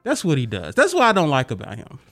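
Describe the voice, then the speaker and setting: A man's voice: fairly high pitch, fast, faint music behind. A young man, co-hosting a podcast and ranting in casual sports banter. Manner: ranting, animated, teasing. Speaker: podcast co-host. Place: podcast studio.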